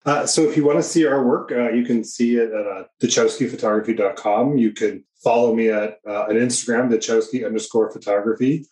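A man's voice: medium pitch, fairly quick, hardly any pauses, a little mellow, echoey room, rough recording. A man with a New Hampshire accent, a guest photographer on a podcast, easygoing and hesitant with many ums. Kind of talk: casual podcast interview.

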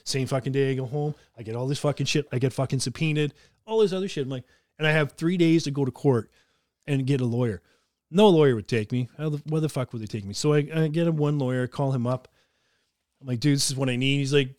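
A man's voice: medium pitch, fairly quick, dry recording, studio quality. A man from Canada hosting a podcast, telling a story in casual chat with lots of swearing. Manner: profane, animated storyteller. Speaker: podcast host.

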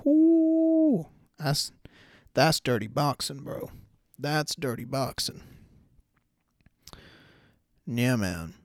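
A man's voice: medium pitch, animated, slow, pauses often, fairly bright tone, no echo, studio quality. Slangy man hosting a podcast. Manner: loose and slangy, says bro a lot. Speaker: podcast host. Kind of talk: casual solo podcast talk.

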